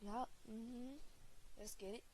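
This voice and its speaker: A woman's voice: on the high side, fairly even intonation, takes it slowly, darkish tone, a little hiss or hum. A woman hosting a reaction video, joking along in a playful way and slipping in and out of put-on accents. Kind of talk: casual reaction commentary.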